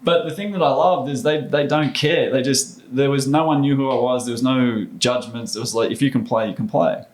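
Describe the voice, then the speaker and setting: A middle-aged man, a former basketball player, telling stories as a podcast guest in an animated, casual way. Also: mid-range voice, a little fast, few pauses. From Australia. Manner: animated storyteller, acts out quoted voices. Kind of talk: casual storytelling interview.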